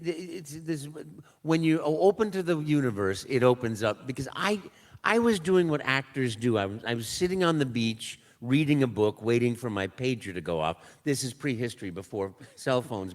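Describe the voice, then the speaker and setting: An older man, a voice actor, telling a lively story on a convention panel and acting out quotes and sound effects. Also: mid-range voice, moderate pace, big-room sound. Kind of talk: anecdotal storytelling.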